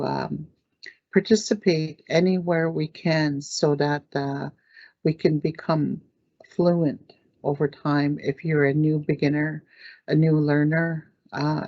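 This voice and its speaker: A woman teaching words in a language lesson, saying each word slowly, repeating it, and clearing her throat now and then. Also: deep voice, warm tone, no echo. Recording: dull lo-fi dry recording.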